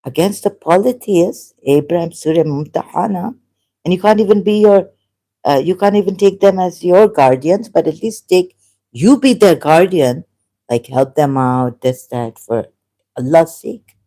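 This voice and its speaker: A solo vlogger speaking in a halting, argumentative monologue and reading passages aloud. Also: medium pitch, lively intonation, dark tone.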